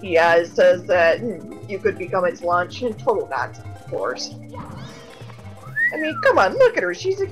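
A woman's voice: on the low side, huge pitch swings, measured pace. A woman co-commentating a game stream, playful and giggly, teasing her partner. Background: game music.

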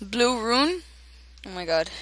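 Excitable young woman shrieking over gameplay. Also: on the high side, slow pace. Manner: excitable, shrieks and shouts at other players; laughs often. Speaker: gamer. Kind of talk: gameplay commentary.

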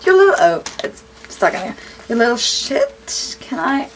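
A young woman vlogging casually as she unwraps gifts, gushing and excitable and swearing freely. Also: on the high side, a little slow, a little hiss or hum. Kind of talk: casual unboxing vlog.

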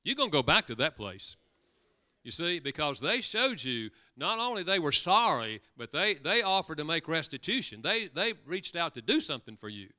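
Lively, bright-voiced male preacher. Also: a little high, normal speed. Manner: storytelling with acted quotes. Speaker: guest speaker. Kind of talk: sermon. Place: church.

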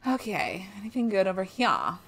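A woman's voice: mid-range voice, very animated, moderate pace, a bit bright, slightly rough. A woman commenting live on her own gameplay, swearing often and sounding exasperated and sarcastic. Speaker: streamer. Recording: game music behind voice.

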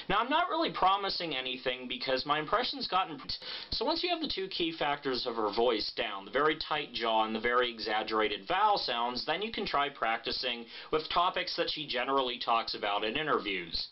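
A man's voice: a little high, brisk. A man vlogging casually, joking and blunt, swearing freely as he talks. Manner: animated, joking, blunt and profane. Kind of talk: casual vlog talk. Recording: muffled lo-fi sound.

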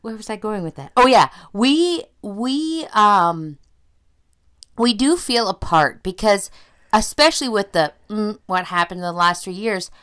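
A woman's voice: medium pitch, expressive, measured pace, a bit bright, clean tone. A Canadian woman co-hosting a podcast, chatting in a rambling way and laughing easily. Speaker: podcast co-host. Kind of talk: casual chat.

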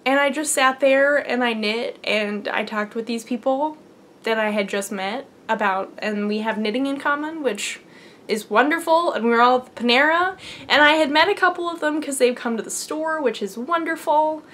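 A woman's voice: high-pitched, moderate pace, a bit bright. A young adult woman hosting a knitting podcast, telling a long personal story in a rambly, earnest way with many fillers. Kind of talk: casual storytelling.

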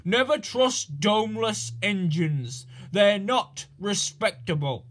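A big, boastful engine that grumbles loudly and talks itself up with pompous self-importance, as a man puts him on. He drawls slowly, swinging up and down in pitch, with a slightly high voice for a man. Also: lively intonation, exaggerated voice. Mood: pompous grumbling. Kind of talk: storybook character voice.

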